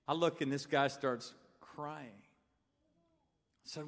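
High-voiced older preacher in a hall. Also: male voice, level tone, moderate pace. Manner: storytelling, asks the crowd questions. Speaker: pastor. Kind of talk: sermon. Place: church sanctuary. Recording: long reverb of a big hall.

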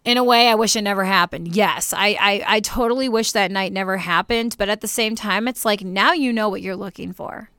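A young woman chats on her podcast, telling lively stories and laughing often. Her voice is bright, clear and a little higher than most. She also gives faith-based encouragement to listeners, recorded close and dry. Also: a little fast, few pauses, no echo. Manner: animated storytelling with laughter. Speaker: podcast co-host. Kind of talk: casual chat.

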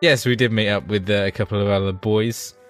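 A man from England co-hosting a casual gaming podcast, teasing in a relaxed, playful way. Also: lowish voice, brisk, soft background music. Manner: playful, laid-back teasing. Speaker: podcast co-host.

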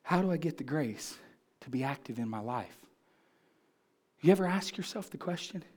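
A man's voice: fairly high pitch, expressive, normal speed. A man pastor preaching a sermon, asking the congregation questions and building in fervor.

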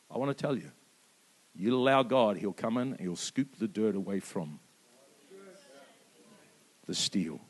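A man, preaching a sermon with impassioned emphasis that rises to peaks and drops soft. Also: fairly low pitch, breathy edge. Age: 50s. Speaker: pastor.

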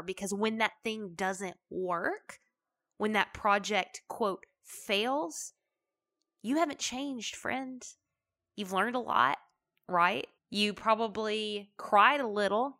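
A woman's voice: medium pitch, gravelly, pushed and bright. A woman hosting a motivational podcast, talking in a chatty, emphatic, folksy way. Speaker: podcast host.

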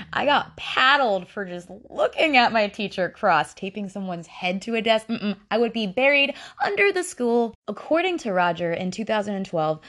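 A woman with a medium-pitched voice hosts a casual true-crime podcast, speaking bluntly, swearing freely and breaking off into frank personal asides.

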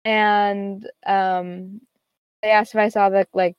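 A teenage girl recounting a story in loose, rambling chat, piling up fillers and acted-out quotes. Her voice sits in an ordinary middle pitch. The sound is dry and close, with almost no room around it. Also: flat delivery, takes it slowly, smooth, no room sound, highs cut off. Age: teens. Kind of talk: casual chat.

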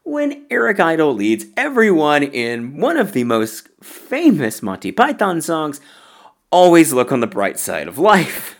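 Animated man laughing through a chat. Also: on the high side, a little slow. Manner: laughs often while talking. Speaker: podcast host. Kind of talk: casual film review chat.

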